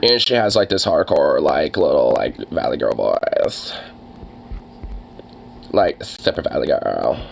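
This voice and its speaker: A man's voice: rumbling low, animated, slow, vocal fry, long pauses, a little hiss or hum. A young man ranting casually, with lots of fillers and swearing, sounding exasperated. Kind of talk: casual profane rant.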